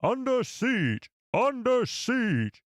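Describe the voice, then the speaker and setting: A man putting on the voice of a grave, booming male war-news narrator, speaking slowly and dramatically. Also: very animated, noisy background, heavily acted. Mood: dramatic. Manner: dramatic, slow, announcer-like.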